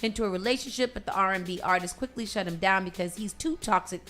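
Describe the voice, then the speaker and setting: A woman hosts a casual morning radio show, reading out entertainment news items and then riffing on them with sassy commentary. She talks fast, with a medium-pitched, slightly bright voice.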